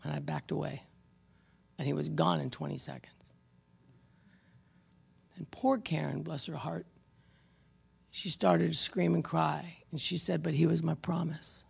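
A pastor preaching a sermon, shifting between emphatic exhortation and quiet storytelling, speaking to the congregation by name. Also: medium pitch, fairly even intonation, unhurried, creaky, long pauses, slightly rough. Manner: addresses congregation members by name, with wry asides.

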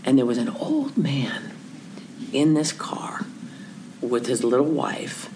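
Against some background noise, a woman with a bass voice slowly recounts a story that carries a faith message. She talks conversationally, acting out the different characters' voices and sometimes lowering to a whisper.

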